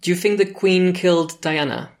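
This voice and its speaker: A low-voiced woman hosts a podcast. She asks playful, quick questions in a relaxed chat. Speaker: podcast host. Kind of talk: casual interview chat.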